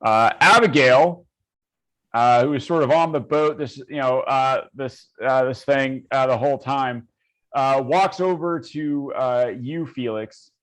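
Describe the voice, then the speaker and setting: A man acting as game master, narrating a tabletop game in a slow, filler-heavy way, often pausing with "uh". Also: mid-range voice, a bit bright, poor audio.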